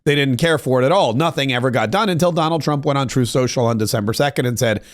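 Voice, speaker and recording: A man hosting a political commentary podcast, talking in a sarcastic, animated way and quoting others. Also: mid-range voice, fast. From United States. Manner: sarcastic, animated, quotes others in put-on voices. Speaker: podcast host.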